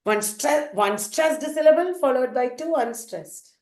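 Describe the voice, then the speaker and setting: A woman's voice: high-pitched, animated, a little slow, a little mellow. A woman with an Indian English accent teaching literature, playfully quizzing her students and answering her own questions. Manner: playful, asks questions and answers them herself. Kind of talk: quizzing students in a revision lecture.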